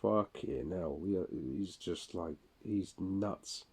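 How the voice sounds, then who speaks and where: Man, casual monologue, slow delivery, dark mellow tone, profane, rambling. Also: low-pitched, creaky, slightly rough. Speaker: audio log host.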